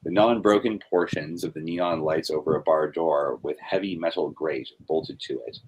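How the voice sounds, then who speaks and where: A man reading comic script panel descriptions aloud in a flat read-through, breaking off for offhand critiques. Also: very deep voice, normal speed, breathy edge.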